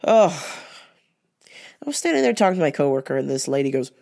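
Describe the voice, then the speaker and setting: A woman's voice: rumbling low, big pitch swings, fast talker, creaky, warm tone. Woman podcast host, casual storytelling, blunt, candid, swears freely.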